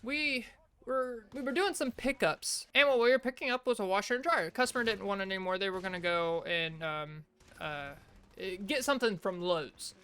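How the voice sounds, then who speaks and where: A woman's voice: mid-range voice, normal speed, fairly bright tone, smooth. A woman casually telling rambling work stories while playing a video game, talking into a desk mic. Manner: rambling, chatty anecdotes with restarts. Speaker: gaming video creator. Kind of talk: casual storytelling over gameplay.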